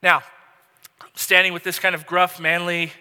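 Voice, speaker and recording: A male pastor in his thirties tells his sermon like a loose, conversational story, frequently restarting sentences. His high, very bright voice moves little in pitch and flows smoothly at a measured pace. A long hall reverb surrounds the recording.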